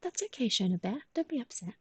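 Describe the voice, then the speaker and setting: A woman's voice: on the high side, very animated, quick pace, a little mellow, husky, dry recording, poor audio. A young woman hosting a livestream at home, mostly whispering as she coos baby talk to her pet, with sing-song improvised rhymes. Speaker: livestream host.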